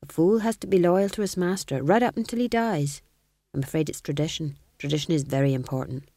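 A bashful young court jester speaks low and soft, earnest and a little stiff, as a woman reads him out. He talks carefully, picking up speed when he explains himself. It suits a storybook. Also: brisk, no echo.

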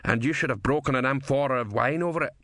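A man's voice: mid-range voice, quick pace, a bit bright, no echo, studio quality, pitched above the performer's own voice, natural voice. A man voicing a sulky, pedantic philosopher in a storybook reading.

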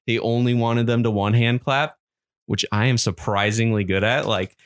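A man's voice: mid-range voice, fairly even intonation, moderate pace, smooth. A man co-hosting a podcast in a casual chat, rambling and swearing a lot as he tells stories and often laughs. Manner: profane, rambling storyteller who laughs often. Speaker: podcast co-host.

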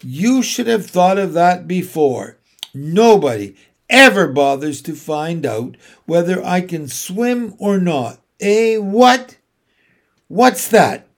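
A man reading a storybook aloud and voicing a bitter, angry male seal who barks gruffly. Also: sits high, lively intonation, slow, exaggerated voice. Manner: gruff and loud, barking orders. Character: bitter, surly male seal in a zoo pool.

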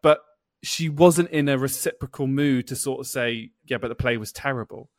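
Man, podcast host, chatty storyteller, mid-pitched voice, dry sound. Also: normal speed, no echo. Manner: chatty storyteller who acts out quoted dialogue. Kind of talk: casual podcast chat.

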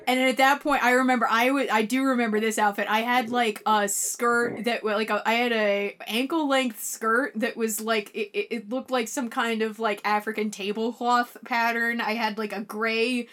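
A woman's voice: a little high, steady tone, normal speed, few pauses, fairly bright tone. A woman hosting a podcast in casual chat, rambling with many fillers and restarts. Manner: rambling, lots of likes and restarts, laughs often. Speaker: podcast host.

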